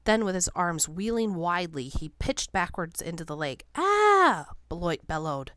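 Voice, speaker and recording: A woman reading a novel aloud as an audiobook narrator, in a steady, measured way. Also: lowish voice, clean tone, no room sound, clean studio sound. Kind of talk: scripted narration.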